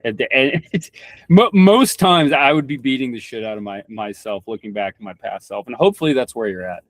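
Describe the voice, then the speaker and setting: A man's voice: mid-range voice, lively intonation, brisk, no room sound. A young man from Kentucky, a podcast guest, talking casually, rambling with restarts and swearing bluntly. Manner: rambling, frequent restarts and stammered repeats. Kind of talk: casual conversation.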